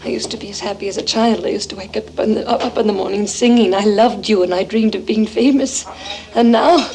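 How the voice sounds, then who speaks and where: An actress playing an exhausted, overwrought young actress in a stage play, dropping to whispers and rising to outbursts. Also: female voice, mid-range voice, fairly quick, creaky, a little mellow, close to an everyday voice, low-quality recording. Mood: wistful. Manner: breathless, shifting between whispers and outbursts.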